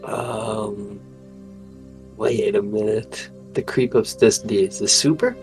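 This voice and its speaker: A man's voice: lowish voice, fairly even intonation, slow pace, darkish tone, soft background music. A man casually describing his character's actions in a tabletop game, swearing freely. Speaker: player.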